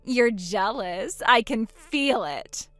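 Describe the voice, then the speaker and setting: A woman's voice: fairly high pitch, expressive, slow, fairly bright tone, no room sound, faint music behind. A woman voicing a boastful, spiteful young woman who mocks her sister in a text-story drama. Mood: gloating. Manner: smug, mocking, gloating.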